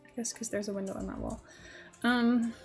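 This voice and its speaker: A woman's voice: fairly high pitch, steady tone, fairly quick, a little mellow, faint music behind. A young woman streaming live, rambling casually and thinking aloud as she builds in a game. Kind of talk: casual livestream chat while building in a game.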